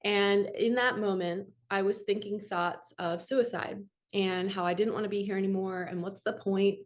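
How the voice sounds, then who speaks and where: A woman's voice: mid-range voice, steady tone, moderate pace. A woman in her forties, a manifestation coach, telling a personal story in a candid, emotional, rambling way.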